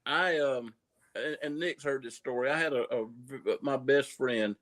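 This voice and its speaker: A Southern-accented man spins folksy stories in relaxed livestream chat, his voice sitting at an ordinary middle pitch. He circles back and repeats words as he goes, the way someone does when remembering a tale. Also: normal speed. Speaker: coin dealer guest.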